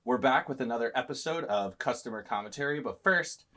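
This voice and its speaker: A man's voice: medium pitch, lively intonation, a little fast, pushed and bright. A man hosting a casual chat, easygoing, laughing, and asking short follow-up questions. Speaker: host.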